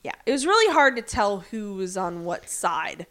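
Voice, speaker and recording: A woman's voice: medium pitch, very animated, a bit bright. A woman co-hosting a casual podcast, retelling the scenes of an episode and acting out bits of the characters' lines. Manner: recaps scenes with quick acted-out quotes, lots of "um" and "like". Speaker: podcast co-host recapping a TV episode. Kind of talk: casual chat.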